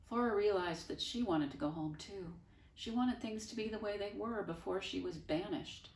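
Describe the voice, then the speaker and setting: A woman teacher reading a children's novel aloud, expressive with wry, dry asides. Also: medium pitch, normal speed. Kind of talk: storybook read-aloud. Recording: echoey room, voice from far off.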